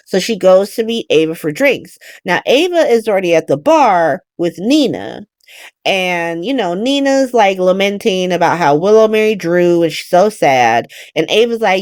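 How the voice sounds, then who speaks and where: A woman's voice: medium pitch, animated, normal speed, a little mellow, dry recording, clean studio sound. A woman casually recapping a soap opera as host, blunt and profane, acting out the characters' lines.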